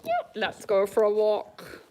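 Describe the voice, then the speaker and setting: A woman's voice: medium pitch, huge pitch swings, takes it slowly, noisy background. An Australian woman, a riding coach, answering viewer questions on a live stream in a bubbly, upbeat way and laughing often.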